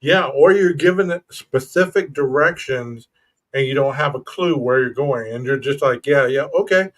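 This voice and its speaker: Man telling animated stories. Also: mid-range voice, normal speed. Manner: animated storytelling, acts out quoted lines. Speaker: podcast co-host. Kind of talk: casual chat.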